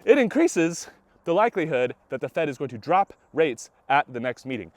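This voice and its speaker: A man's voice: a little high, dry recording. A young man talking casually about markets while out on a walk, a little out of breath and laughing often mid-sentence. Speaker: vlogger. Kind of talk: walking-and-talking vlog commentary. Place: outdoors on a walk.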